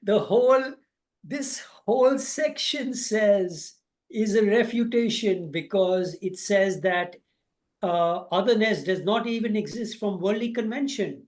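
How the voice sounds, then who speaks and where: Male student, halting and searching for words, pushing a question to the teacher. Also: sits high. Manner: hesitant, many fillers and restarts, pressing a question. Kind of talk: asking questions in class.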